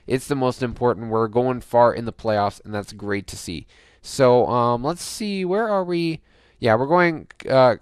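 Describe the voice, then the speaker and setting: Smooth-voiced man giving game commentary. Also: medium pitch, no room sound, clean studio sound. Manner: chatty, cheers on his team, bursts of excitement; thinks aloud with many fillers and restarts. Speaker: gaming channel host. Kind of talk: casual let's-play commentary.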